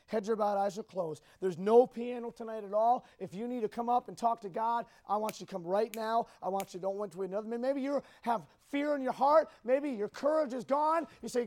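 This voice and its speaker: A young man preaches an altar call to teenagers in a strikingly high voice. He pleads and urges, rising to loud exhortation and then dropping to hushed, intimate appeals. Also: fairly quick. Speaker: youth pastor.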